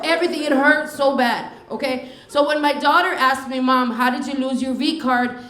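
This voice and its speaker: A woman's voice: sits high, roomy sound. A middle-aged woman from Texas doing a stand-up comedy set on a club stage, telling stories and acting out the dialogue. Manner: animated storytelling, acting out dialogue. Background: audience laughter.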